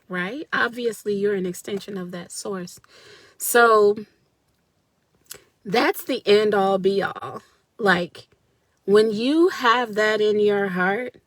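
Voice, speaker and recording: A woman's voice: medium pitch, vocal fry, no echo. A woman giving an earnest, spiritual motivational talk on a live video and speaking straight to her viewers. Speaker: wellness speaker.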